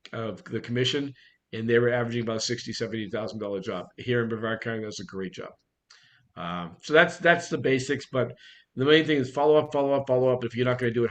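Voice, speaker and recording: Blunt Boston man coaching agents. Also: mid-range voice. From Boston area. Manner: blunt, direct, repeats key points. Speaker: real estate coach. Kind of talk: online coaching talk.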